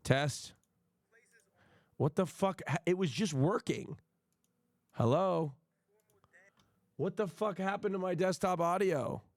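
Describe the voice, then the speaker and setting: Ranting to his livestream chat, a man speaks slowly in a high-pitched voice, pausing often. He's profane and emphatic, frequently stumbling and restarting, and the recording has no echo.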